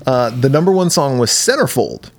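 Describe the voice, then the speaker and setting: A man's voice: mid-range voice, animated, moderate pace. Laid-back man hosting a podcast. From United States. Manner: laid-back, laughs often, swears casually. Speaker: podcast host. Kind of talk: casual chat.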